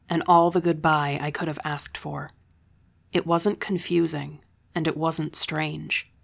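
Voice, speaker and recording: A woman reading a novel aloud in the first person, calm, measured and reflective. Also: low voice, creaky. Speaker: audiobook narrator.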